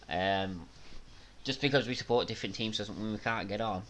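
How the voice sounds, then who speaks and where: A man from Manchester with a Mancunian accent, hosting a live watch-along stream, reacting with loud gasps and chatting casually with viewers. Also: sits low, normal speed. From Manchester, England. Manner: excitable, bursts into loud gasps during big moves, casual with chat.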